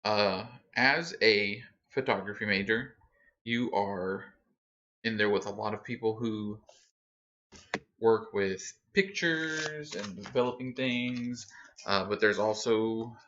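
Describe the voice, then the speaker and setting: Guy running a tabletop game, bright voice, easygoing with lots of uhs, muffled lo-fi audio. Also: on the low side, takes it slowly, a little hiss or hum. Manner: easygoing, hesitant narration with many fillers. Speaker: game master. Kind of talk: narrating a tabletop game for a livestream.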